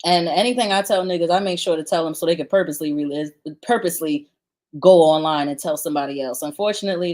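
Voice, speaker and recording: A woman's voice: sits low, quick pace, darkish tone. Blunt, sarcastic woman commentator. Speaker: commentary host. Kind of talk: reaction commentary.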